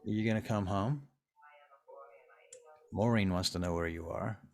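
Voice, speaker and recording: A man's voice: fairly low pitch, moderate pace, natural voice. A man voicing a worried man who presses a woman to come home, suspicious and insistent.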